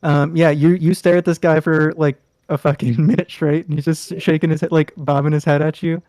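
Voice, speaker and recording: A man's voice: fairly high pitch, little pitch movement, a little fast, a little mellow, no room sound. A man narrating a tabletop game as game master, in a loose, rambling way with lots of fillers.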